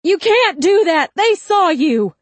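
A woman voicing a raspy, desperate male ex-convict in an audiobook, switching between bluster and frantic begging. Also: lowish voice, expressive, unhurried, mellow, dry recording, heavily acted. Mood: panicked begging. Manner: pleading, screaming in panic. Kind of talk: audiobook character voice.

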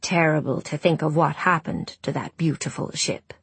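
A woman voicing a fussing, kindly village woman who gently teases. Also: low voice, fairly even intonation, moderate pace, slightly rough, no echo, exaggerated voice.

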